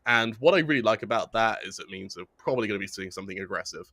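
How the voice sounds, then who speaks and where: Relaxed analytical esports color commentator man. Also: fairly low pitch, very fast, no room sound. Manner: relaxed analytical talk with long explanations. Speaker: esports caster.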